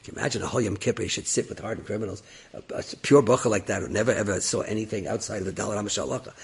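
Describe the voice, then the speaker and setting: A man's voice: lowish voice, racing, vocal fry, husky, heavily acted. A man voicing a shrewd, persistent rabbi who coaxes and persuades. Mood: pleading. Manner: coaxing, persuasive.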